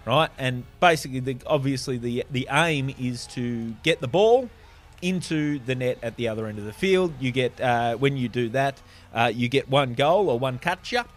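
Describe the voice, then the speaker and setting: A man's voice: mid-range voice, moderate pace. A man on a podcast panel, explaining a sport in casual chat with lots of fillers and restarts. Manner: rambling explainer with many fillers.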